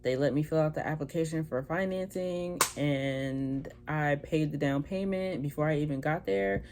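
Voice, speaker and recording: A woman's voice: sits low, moderate pace, noisy background. A young woman vlogger telling a personal story in a casual, chatty way, acting out what people said in different voices. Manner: chatty, acts out quoted dialogue in altered voices.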